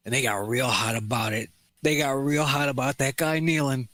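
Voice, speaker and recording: A man co-hosting a podcast in casual chat, excitable and swearing as he rants. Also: medium pitch, moderate pace, no echo. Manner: excitable, swears often, rants about sports. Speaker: podcast co-host.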